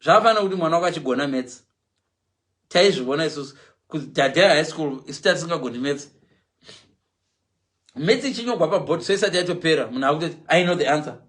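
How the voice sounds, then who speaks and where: His voice sits on the high side, and he talks quickly but leaves long pauses: a middle-aged man chatting on a live stream. Animated throughout, he mixes English with Shona, imitating quoted speakers and animals.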